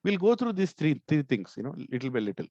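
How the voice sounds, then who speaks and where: A man's voice: on the high side, big pitch swings, quick pace, a little mellow, no echo, muffled recording. A male corporate trainer teaching an online session, often checking in with "right?" and stressing words to make his points. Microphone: video call.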